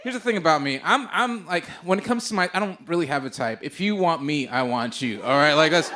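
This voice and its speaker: A young man from the Bay Area telling a stand-up story on stage into a handheld mic, animated and swearing, with sudden loud outbursts. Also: a little high, brisk. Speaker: stand-up comedian. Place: stage before a live audience.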